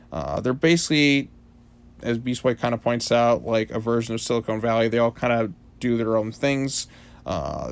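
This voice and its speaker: A man's voice: mid-range voice, smooth. A man reviewing a comic book issue in a casual, rambling monologue full of fillers.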